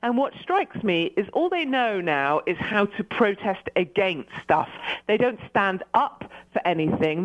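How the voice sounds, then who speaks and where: A British woman with a British accent, a guest commentator talking in brisk, sardonic, opinionated radio chat and laughing easily. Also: medium pitch, poor audio. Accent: British English. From Britain.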